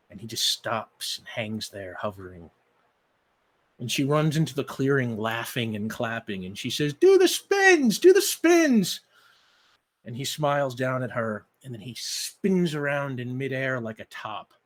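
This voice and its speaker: A man running a live-streamed tabletop game as its game master, moving from excited announcements into scene-setting narration. He speaks at a middling pitch, energetic and quick, with frequent ums and uhs.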